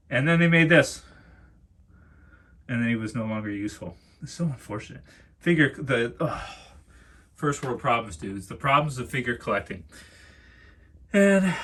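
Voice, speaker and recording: A man's voice: medium pitch, fairly bright tone, breathy edge. A man in the middle of his range talking loosely as he walks through a collection on video. He rambles, repeats himself and restarts sentences as he goes. He often calls his viewers "dudes". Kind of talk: casual collection tour vlog.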